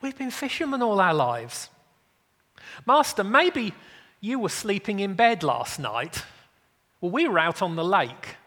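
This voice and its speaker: A man's voice: high-pitched, big pitch swings, a little slow, long pauses, a bit bright, in a large hall, exaggerated voice. A man voicing an irritated middle-aged fisherman who speaks politely but sarcastically. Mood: exasperated.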